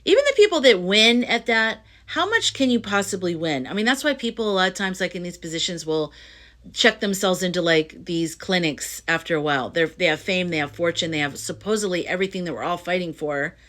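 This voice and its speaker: A middle-aged woman with a slightly low voice talks to her viewers in a loose, heartfelt spiritual monologue. She rambles, circles back and restarts her sentences, leaning on fillers as she goes. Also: fairly quick, fairly bright tone. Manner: rambling, earnest, full of "like" and restarts. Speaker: astrology and tarot reader.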